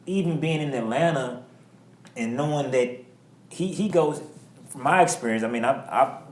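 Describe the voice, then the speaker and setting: A man's voice: mid-range voice, moderate pace, echoey room. A man on a discussion panel who works with young people in a juvenile detention center, speaking emphatically and often asking "you know what I'm saying".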